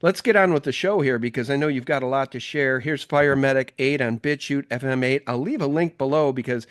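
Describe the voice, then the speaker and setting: A man's voice: mid-range voice, brisk, no room sound. Emphatic male interview host, dry sound. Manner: emphatic, indignant. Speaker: podcast host. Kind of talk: conversational interview.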